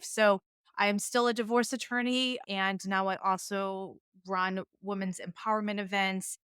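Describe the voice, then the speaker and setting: A woman's voice: mid-range voice, flat delivery, unhurried, a bit bright, smooth, no echo. Woman, middle-aged, Boston accent, divorce attorney, candid, resonant tone, dry recording. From Boston area, US. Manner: candid, reflective storytelling. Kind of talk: podcast conversation.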